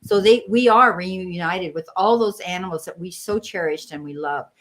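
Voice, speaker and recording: A woman's voice: fairly low pitch, normal speed. An American woman hosting a live-stream tarot reading, reassuring and affectionate, calling listeners sweetheart and honey. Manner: warm, reassuring, calls viewers sweetheart and honey. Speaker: tarot reader and medium, live stream host.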